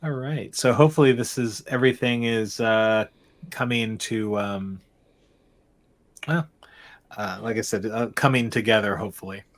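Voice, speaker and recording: Halting male game master narrating. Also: fairly low pitch. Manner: meandering, halting narration with frequent restarts.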